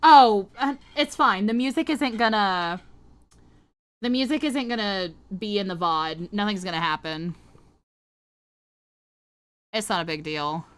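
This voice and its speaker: A woman's voice: mid-range voice, measured pace, long pauses, clear, resonant tone. A woman streamer chatting casually with her viewers while she draws, playful, flirty and crude. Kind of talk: casual livestream chat while drawing.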